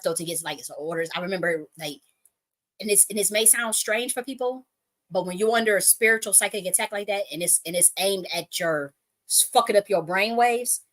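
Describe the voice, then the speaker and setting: A woman's voice: medium pitch, fairly bright tone. A woman who works as a spiritual reader, telling a personal story in a rambling way, swearing freely and often restarting her sentences. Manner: profane, restarts often, breaks into laughs.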